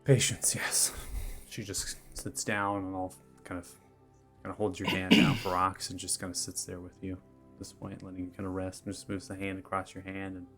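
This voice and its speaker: A man's voice: low voice, monotone, fairly quick, sharp tone, soft background music. A man narrating a tabletop roleplaying game as game master, in loose, hedging descriptions.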